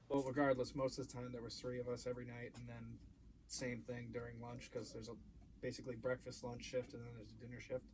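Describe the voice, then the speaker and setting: A man talking as a podcast guest in a casual chat, halting, with many ums and restarts. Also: mid-range voice. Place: basement podcast studio. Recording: noisy home recording.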